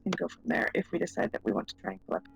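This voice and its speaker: A woman's voice: lowish voice, big pitch swings, racing, gravelly, faint music behind, low-quality recording. A woman playing in a tabletop game, thinking aloud as she reasons through the group's plan. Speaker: player. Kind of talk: casual tabletop game talk.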